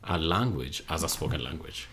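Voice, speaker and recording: A man's voice: extremely low pitch, animated, moderate pace, a bit bright, slight background noise. A man hosting a podcast, thanking his guest and asking questions. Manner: affirming, frequent backchannel. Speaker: podcast host. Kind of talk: interview hosting.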